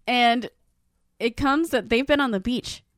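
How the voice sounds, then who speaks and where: A woman's voice: on the high side, measured pace, dry recording. A woman co-hosting a casual podcast, retelling a show scene by scene and acting out the characters' lines. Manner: animated, acts out characters' lines in quotes. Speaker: podcast co-host recapping a show. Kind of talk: casual chat.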